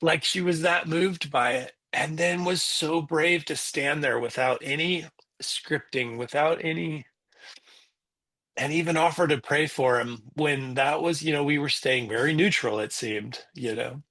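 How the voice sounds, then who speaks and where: A middle-aged man with a husky, breathy voice tells a personal story as a guest. He is animated and acts out each person in the story as he goes. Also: on the high side, a little slow. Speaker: guest coach.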